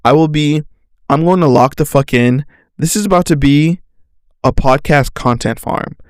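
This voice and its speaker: A man's voice: a little high, normal speed, clear, resonant tone, no echo, clean studio sound. A man hosting his own podcast alone, rambling casually with jokes and lots of fillers. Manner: rambling, joking, self-mocking, full of "like". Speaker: podcast host. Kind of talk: casual solo podcast chat.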